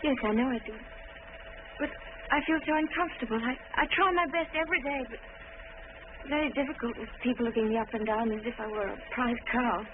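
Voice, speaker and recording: A nervous young wife, voiced by an actress, timid and hesitant, tripping over her words. Her voice sits a little high. The recording is narrow and tinny with clear hiss, like an old film print. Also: fast talker, close to an everyday voice. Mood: anxious. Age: young adult.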